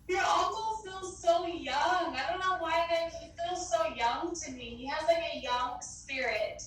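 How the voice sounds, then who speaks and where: Woman psychic medium, high pitch, chatty and affectionate, echoey line with faint background noise. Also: takes it slowly, long pauses, fairly bright tone, distant mic. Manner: chatty, affectionate, fills with "like", calls listener babe. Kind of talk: casual spoken reading.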